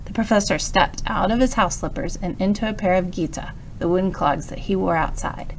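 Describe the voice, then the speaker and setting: A woman narrating a children's story, reading aloud in a calm, even manner. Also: lowish voice, brisk, a little hiss or hum. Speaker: storybook reader.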